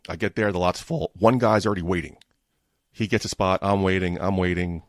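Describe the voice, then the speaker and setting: A man's voice: low-pitched, steady tone, fairly quick, dry recording, studio quality. A man hosting his own podcast, telling a frustrated, profane story about his bad week in a casual monologue. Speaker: podcast host.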